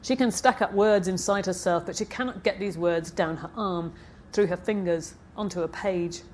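A woman's voice: on the low side, normal speed, darkish tone, a little hiss or hum. A woman novelist reading from her book at a live event, with chatty, hesitant asides between passages and a slight frog in her throat. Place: festival stage.

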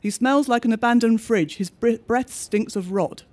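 A man reading a bleak diary-style story aloud, with measured, understated narration. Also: extremely high pitch, darkish tone.

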